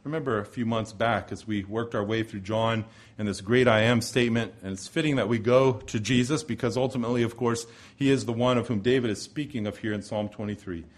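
Man preaching a measured, rhetorical sermon. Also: on the low side, steady tone. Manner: measured, rhetorical, with repeated phrases and swells of emphasis.

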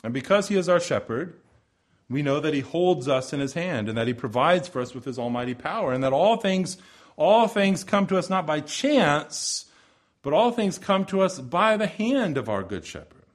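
A man preaching a sermon in a measured, rhetorical way, repeating phrases and building to swells of emphasis. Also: a little high, very animated.

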